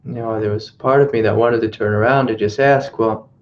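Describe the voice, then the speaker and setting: A man's voice: on the low side, steady tone, fairly quick. A man who is a spiritual teacher, telling a story in a reflective way and often repeating his phrases. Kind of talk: satsang teaching talk. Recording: dull lo-fi webcast audio.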